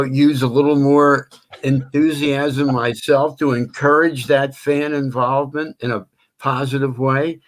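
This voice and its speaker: An older man who works as a stadium announcer, chatting on an interview call, speaking gently with many pauses. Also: medium pitch. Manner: drawn-out melodic announcer delivery when calling names. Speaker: stadium public address announcer. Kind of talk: phone-in interview chat.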